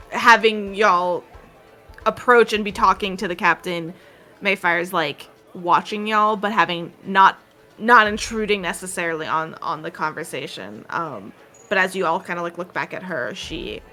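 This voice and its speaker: Bright-voiced woman game master. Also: lowish voice, unhurried, soft background music. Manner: loose, filler-heavy narration. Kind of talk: tabletop narration.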